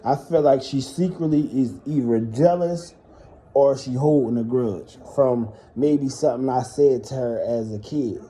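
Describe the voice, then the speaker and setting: A man's voice: medium pitch, mellow, slight background noise. A man telling personal stories in a casual monologue, blunt and heavily profane as he vents. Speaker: storyteller.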